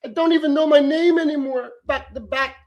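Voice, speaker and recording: A man putting on the voice of a gushing young bar girl in her twenties, breathy and swooning. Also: very high voice, steady tone, a little fast, a little mellow, pitched above the performer's own voice.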